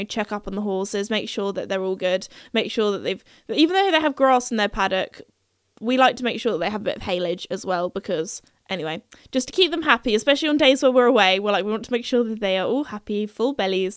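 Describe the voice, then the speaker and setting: A woman's voice: medium pitch, animated, quick pace, smooth, no echo, clean studio sound. A young woman hosting a podcast, telling a story in a chatty, playful way and laughing at herself. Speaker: podcast host.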